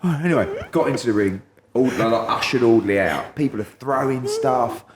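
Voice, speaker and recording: A man's voice: mid-range voice, moderate pace, a crowd in the background. A middle-aged man from England, a podcast guest telling a story in casual chat and acting out quotes in raised voices.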